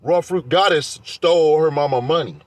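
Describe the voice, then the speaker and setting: In a casual rant to camera, a man vlogs defensively and heatedly about his grievances. His voice is fairly high and moderately paced, and the recording has no room sound.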